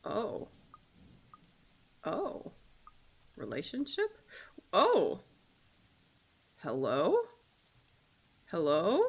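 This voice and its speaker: Animated American woman streamer. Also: on the low side, very slow, pauses often, husky. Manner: animated, swears and laughs, dramatic narration. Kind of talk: casual game commentary, reading game text aloud.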